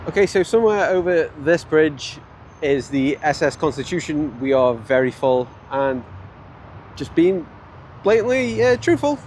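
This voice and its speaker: Slightly high and a little mellow, this man's voice carries a Stoke-on-Trent accent from England, with some faint background noise. He's a vlogger filming a casual travel video outdoors on city streets, chatting, joking and frequently laughing.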